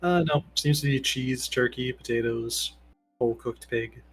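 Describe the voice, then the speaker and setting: A man's voice: medium pitch, steady tone, unhurried, slightly rough, faint music behind, poor audio. A man narrating as game master of a tabletop game, laid-back and casual.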